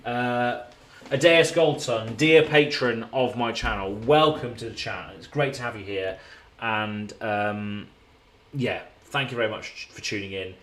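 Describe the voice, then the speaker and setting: A man's voice: medium pitch, measured pace, fairly bright tone, slight background noise. An English man chatting casually on a live stream from a hotel room, rambling and laid-back, with the odd swear word.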